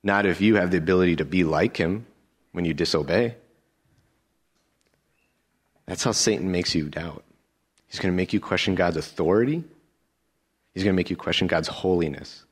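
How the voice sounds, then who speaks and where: A man's voice: low voice, brisk, slightly rough. A male pastor giving a sermon, emphatic and rhetorical, with lots of repetition.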